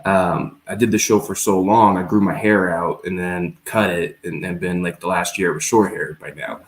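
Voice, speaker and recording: A man's voice: low-pitched, steady tone, moderate pace. A man hosting a talk show, speaking earnestly and reflectively as he tells a personal story in a casual discussion. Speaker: show host. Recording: roomy echo.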